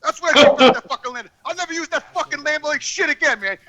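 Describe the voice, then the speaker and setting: High-voiced, bright man ranting on a call. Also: very fast, few pauses, low-quality recording. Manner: profane, rambling, heated. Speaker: regular podcast guest. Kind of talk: casual chat, ranting. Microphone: video call.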